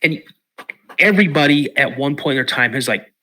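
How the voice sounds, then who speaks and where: A podcast guest from Washington state, USA, tells a story animatedly, acting out quotes and repeating words. He has a mid-range voice and speaks a little fast.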